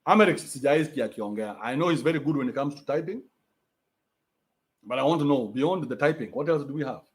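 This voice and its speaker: A man's voice: mid-range voice, lively intonation, fast talker. A young adult man with a Kenyan accent, ranting bluntly in a profane, mocking livestream. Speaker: commentator. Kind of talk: livestream rant.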